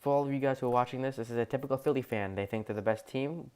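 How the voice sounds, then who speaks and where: A man's voice: medium pitch, rapid-fire, a little mellow, clean tone. A man co-hosting a casual podcast who gives laid-back, teasing replies. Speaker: podcast co-host. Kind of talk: casual chat.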